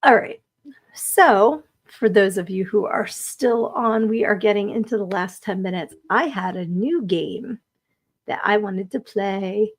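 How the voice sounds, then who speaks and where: A woman's voice: mid-range voice, measured pace. A woman hosting a live podcast stream, chatting casually, reading viewer comments aloud and laughing often. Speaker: podcast host.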